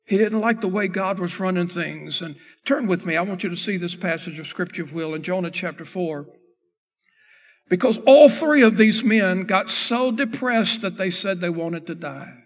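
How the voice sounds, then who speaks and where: A man preaching a sermon as pastor, swinging from quiet talk to shouted, half-sung lines. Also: high-pitched, big-room sound. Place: church sanctuary.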